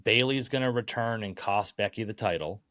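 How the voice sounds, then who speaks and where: Man, very low voice, dry close sound, casual podcast co-host, playful announcer-style build-ups. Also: moderate pace, fairly bright tone, no echo. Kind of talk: casual wrestling prediction chat.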